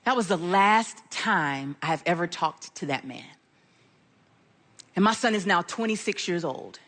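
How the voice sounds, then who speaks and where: A middle-aged woman preaching a sermon, telling a personal story in an animated way and acting out the voices in it. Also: on the low side, a little slow. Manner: animated, acts out quoted voices in her story.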